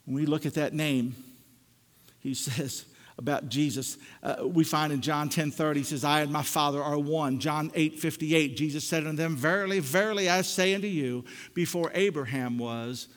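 Male pastor preaching, high voice, dynamic swings from hush to loud, church reverb. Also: normal speed. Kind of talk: sermon. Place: church sanctuary.

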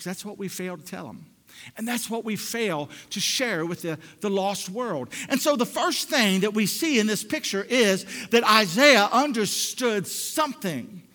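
A man preaching a sermon as pastor, moving between hushed passages and loud, emphatic stretches. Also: sits high, big-room sound. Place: church sanctuary.

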